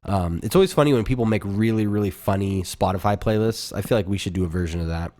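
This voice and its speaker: Speaking quickly in a warm, fairly low voice, a man co-hosts a podcast in easygoing conversation. His chat wanders, full of fillers and laughter.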